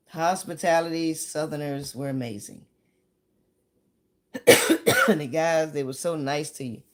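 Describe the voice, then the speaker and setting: A woman comedian telling stories in a chatty, rambling way, now and then breaking into sudden shouts and sung bits. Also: low-pitched. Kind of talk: casual stand-up storytelling.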